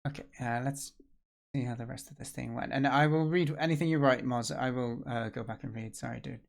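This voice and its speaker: A livestream host learning game development chats casually while working through a tutorial, thinking aloud and joking at his own expense. His mid-range voice is creaky, with fairly even intonation and a fairly quick pace.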